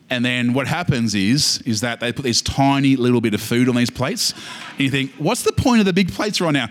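A man with an Australian accent preaching a sermon, animated and humorous, building to emphatic peaks. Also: medium pitch. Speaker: pastor. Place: church service.

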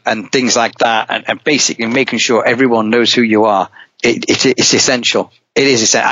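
A man's voice: medium pitch, dry recording. Rambling middle-aged man telling a racing story. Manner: lively, rambling, many restarts. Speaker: rally driver guest. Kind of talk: casual anecdotal storytelling. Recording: dull, dry podcast audio.

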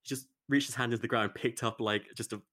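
A man's voice: medium pitch, fairly even intonation, fast, bright, forceful tone. A man chatting as a podcast guest, rambling along with lots of fillers. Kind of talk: casual chat.

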